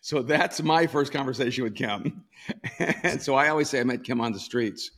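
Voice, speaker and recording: A man in his sixties from El Salvador, a pastor telling stories in an interview, laughing often and pausing with ums. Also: medium pitch, husky. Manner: warm storyteller, laughs often, many ums and restarts. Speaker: pastor and author. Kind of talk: storytelling in a sit-down interview.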